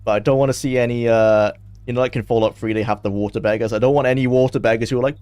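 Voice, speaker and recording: A man's voice: mid-range voice, steady tone, very fast, darkish tone, clear, resonant tone, no room sound. A young man chatting casually on a game stream, laughing often and talking to his chat.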